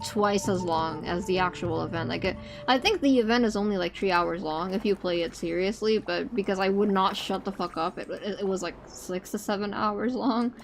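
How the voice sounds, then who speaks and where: A woman's voice: mid-range voice, normal speed. A woman live-streaming a game, chatting to her viewers in a rambling, chatty way and squealing when startled. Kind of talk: casual live-stream chat. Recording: game music behind the voice.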